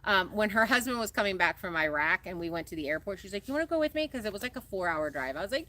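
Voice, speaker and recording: A woman's voice: mid-range voice, expressive, fast talker, pushed and bright. A woman co-hosting a casual livestream, chatting animatedly, laughing easily and reading viewer comments aloud. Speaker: co-host of a farm livestream.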